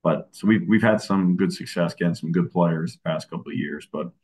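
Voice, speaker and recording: A man, a college football coach, talking in a casual interview, relaxed and often restarting his sentences. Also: sits low, a little fast. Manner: relaxed, many restarts and fillers.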